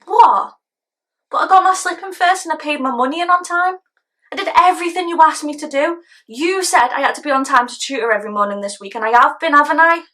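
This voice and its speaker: A woman's voice: sits high, quick pace, sharp tone. A woman with a British accent playing a defiant teenage schoolgirl who pleads and rants in a cheeky, sulky way. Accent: British English. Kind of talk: scene acting.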